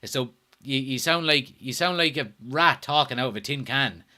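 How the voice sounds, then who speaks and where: In a medium-pitched voice at normal speed, a young man runs a live football watchalong. He gets excited, curses frequently, and reads comments sent in by viewers.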